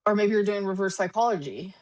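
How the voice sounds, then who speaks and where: A woman's voice: mid-range voice, fast, a little mellow. A woman co-hosting a livestream, talking in a casual, offhand way. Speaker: livestream co-host.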